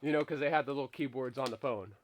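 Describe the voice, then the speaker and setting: A man's voice: medium pitch, quick pace. A young adult man livestreaming, goofing around in a silly, playful way, sounding winded and tired with a worn-out voice. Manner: silly, playful, breaks into yelps and put-on bits. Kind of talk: goofy livestream chat with skits.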